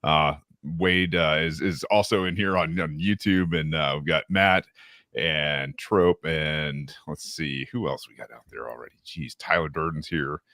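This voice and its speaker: A man's voice: extremely low pitch, unhurried, sharp tone, dry recording, clean studio sound. A man hosting a live podcast, chatting casually and rambling with many fillers and restarts. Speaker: podcast host. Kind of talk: casual live-stream chat.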